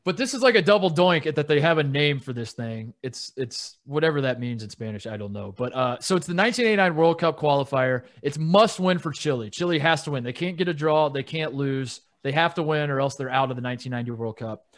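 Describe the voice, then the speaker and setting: A man's voice: fairly high pitch, expressive, fast, hardly any pauses. A man co-hosting a sports podcast, telling stories in a rambling, casual way with frequent laughs. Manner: rambling storyteller, laughs often. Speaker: podcast co-host.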